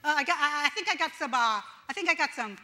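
A woman's voice: sits high, expressive, quick pace, pushed and bright. An older woman pastor giving a chatty, self-deprecating sermon, acting out little voices and laughing as she goes. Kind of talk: conversational sermon. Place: church sanctuary. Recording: reverberant church hall.

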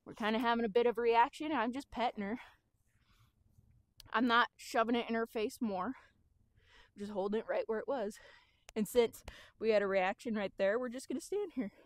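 Calm woman explaining horse training. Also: a little high, normal speed, pauses often, no room sound. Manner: calm, explanatory, talks to the horse as she works. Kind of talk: outdoor training demonstration. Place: outdoors with a horse.

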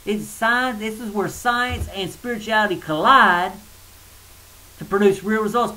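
In this low-quality clip with a faint hiss, a man who vlogs about spirituality gets heated in a blunt, everyday-language rant and then says sorry. He speaks in a high register, unhurried, with a sharp tone.

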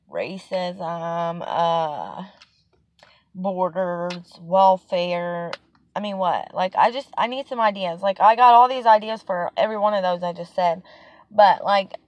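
A woman's voice: mid-range voice, dry recording. A young woman talking casually in her home vlog, venting with exasperation and lots of "like". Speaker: vlogger.

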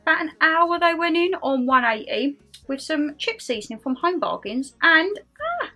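A woman's voice: high voice, animated, normal speed, sharp tone, faint music behind. A woman vlogging casually to camera over dinner, chatty and self-mocking, talking with her mouth full. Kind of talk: casual chat to camera while eating.

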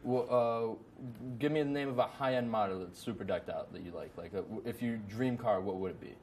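A man's voice: lowish voice, a little fast, a little hiss or hum. Rambling young man hosting a chat. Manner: rambling, lots of fillers and restarts, gets excited. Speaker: host. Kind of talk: casual chat.

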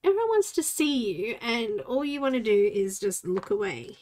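Hosting a live coloring stream, an art tutorial host in her 40s chats and laughs while teasing her cat. Her voice is on the high side, very animated and slightly mellow, at a normal pace.

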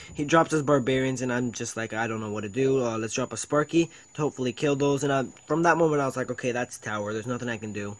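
A man's voice: medium pitch, low-quality recording. A man hosting his own video, talking casually through a game replay in a chatty play-by-play with frequent ums and quoted thoughts of his own. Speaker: video host. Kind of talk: casual gameplay commentary over a replay.

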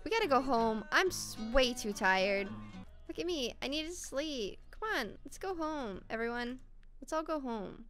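A high-pitched, bright-toned woman narrates her gameplay in a chatty let's-play style. Her voice swoops up and down with excitement, and she gasps often as things happen on screen. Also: moderate pace, dry recording, faint music behind. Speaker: gaming channel host. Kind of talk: casual let's-play commentary.

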